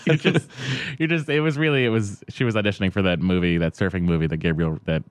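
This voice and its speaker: A man co-hosting a casual chat, making gloomy deadpan jokes. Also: deep voice, quick pace, background noise. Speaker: podcast co-host.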